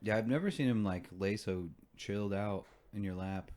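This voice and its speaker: A man with a low voice hosts a podcast in loose, casual banter. He jokes, swears freely and laughs often. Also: moderate pace, darkish tone. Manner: laughs often, joking, profane. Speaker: podcast host.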